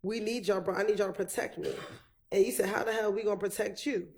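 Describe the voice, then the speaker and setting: A woman prosecutor questioning a witness in a courtroom, methodical and measured. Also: mid-range voice, steady tone, a little mellow, a little hiss or hum.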